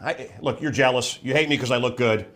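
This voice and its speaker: A man's voice: mid-range voice, brisk, fairly bright tone. Brash, sarcastic older man on a vlog. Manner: brash, sarcastic, rambling with self-interruptions; mocking voices of others. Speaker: vlog host, former radio host. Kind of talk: casual monologue to camera.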